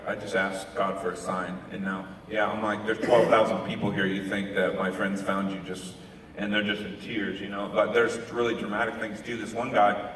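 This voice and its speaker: A man's voice: on the low side, moderate pace, slight background noise. A touring musician and evangelist, a man, tells stories in an interview and acts out the people he quotes. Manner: animated storyteller who acts out quoted people. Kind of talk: storytelling in an interview. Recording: echoey hall from far off.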